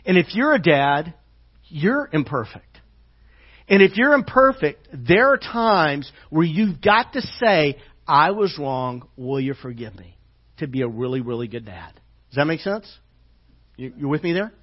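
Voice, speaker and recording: A male pastor preaching a sermon in a fairly high voice, halting and full of fillers. He often sinks to a hushed, slow delivery on tender lines. The church recording sounds dull and lo-fi. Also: sing-song, slightly rough.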